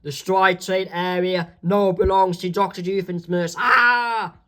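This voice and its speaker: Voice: medium pitch, little pitch movement, measured pace. A comic creator narrating their own strip in a rambling way, full of ums and self-corrections. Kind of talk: amateur comic read-aloud.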